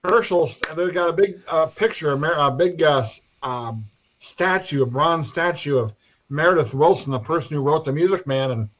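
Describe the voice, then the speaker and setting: A man from North Iowa, a guest telling rambling, halting anecdotes over a video call and often clearing his throat. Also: fairly high pitch, a bit bright, highs cut off. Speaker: interview guest. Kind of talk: casual anecdotes.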